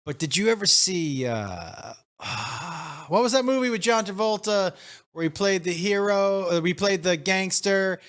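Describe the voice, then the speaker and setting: A man's voice: sits high, measured pace, fairly bright tone. A man co-hosting a casual studio podcast, joking playfully and often trailing off while he searches for words. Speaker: podcast co-host. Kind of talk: casual chat.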